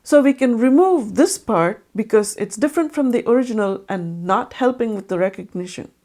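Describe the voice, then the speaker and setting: A woman's voice: fairly high pitch, expressive, moderate pace, warm tone. A woman narrating an educational video on music and breaking down how melodies are recognized. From India. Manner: explanatory, sings short sung examples. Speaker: music explainer.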